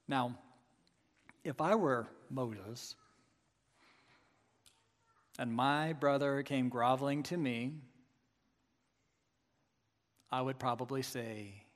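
A man's voice: medium pitch, fairly even intonation, takes it slowly, pauses often, long reverb tail. A man preaching a sermon with emphatic, rhetorical asides to his congregation. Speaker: pastor.

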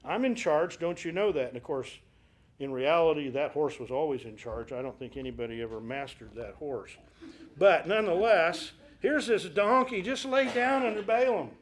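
A man with a notably high voice leads a Bible study group. He talks through scripture like a story, stops to ask the class rhetorical questions, and brightens his voice when quoting the characters. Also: normal speed.

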